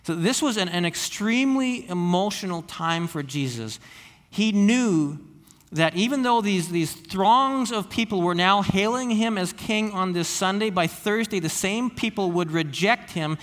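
A man's voice: sits high, expressive, measured pace, fairly bright tone, in a large hall. A man preaching a sermon as pastor, earnest and often repeating words as he restarts phrases.

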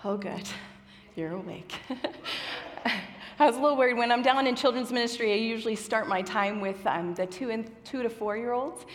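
A woman's voice: fairly high pitch, normal speed. Nervous chatty woman preaching in a reverberant hall. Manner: warm, chatty and self-deprecating, a little nervous. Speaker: guest preacher from children's ministry. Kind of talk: sermon. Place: church auditorium with stage lights.

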